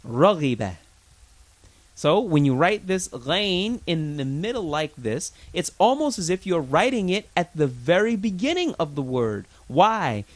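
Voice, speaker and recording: A man teaching an Arabic lesson, patiently drilling pronunciation with lots of repetition, chatty and informal with his learners. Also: high-pitched. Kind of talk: recorded language lesson.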